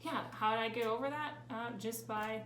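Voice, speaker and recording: A woman's voice: fairly high pitch, moderate pace, fairly bright tone. Chatty young woman in a roomy space. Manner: chatty and candid, with frequent "like" fillers. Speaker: vlogger. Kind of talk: casual Q&A vlog. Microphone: camera on a tripod. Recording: roomy with faint ambient noise.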